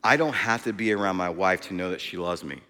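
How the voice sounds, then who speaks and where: A male preacher delivering a sermon, emphatic, swinging between loud and hushed delivery. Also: deep voice, brisk, big-room sound.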